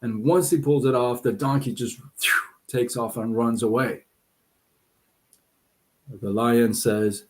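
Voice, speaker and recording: A man's voice: medium pitch, slow pace, pauses often. A man hosting a live stream, chatting casually with viewers and telling a story. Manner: relaxed, chatty, many fillers and restarts.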